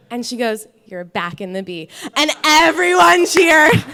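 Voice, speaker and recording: A woman's voice: sits high, very animated, takes it slowly, bright, forceful tone. A woman telling a personal story on a live stage, chatty and laughing often as she acts out what people said. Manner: chatty, laughs through her lines, acts out quotes.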